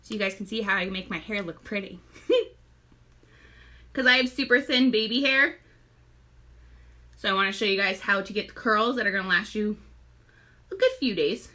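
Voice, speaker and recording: Hosting a live makeup tutorial, this young pregnant seller chats casually, calls out viewers by name and is frequently out of breath. Her medium-pitched voice has a sharp tone and a moderate pace broken by long pauses.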